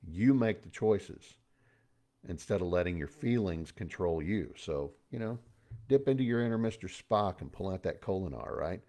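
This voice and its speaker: Middle-aged guy, folksy motivational chat, kinda low voice. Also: lively intonation, normal speed, dark tone. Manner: chatty, folksy, pop-culture asides and self-amused laughs. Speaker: host. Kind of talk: casual motivational talk.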